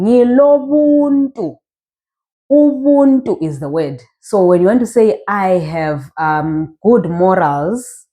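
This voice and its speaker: A woman with a Zimbabwean Ndebele accent teaching a language lesson, saying each word slowly so learners can repeat it. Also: medium pitch, dark tone. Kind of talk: slow spoken language lesson.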